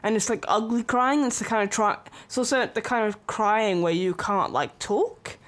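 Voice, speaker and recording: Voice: mid-range voice, normal speed, a bit bright. A streamer chatting casually and rambling, with lots of filler words and small laughs.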